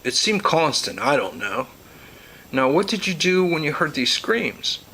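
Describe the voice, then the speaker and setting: A man host reading court testimony aloud in a plain, measured way, covering both questions and answers. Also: a little high, sing-song, bright, forceful tone, a little hiss or hum, low-quality recording. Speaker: host and narrator.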